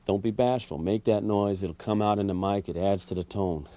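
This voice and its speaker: A man giving a relaxed, conversational harmonica lesson, explaining technique step by step with frequent fillers. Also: fairly low pitch, moderate pace, heavy background noise. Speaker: harmonica teacher. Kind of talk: instructional video lesson.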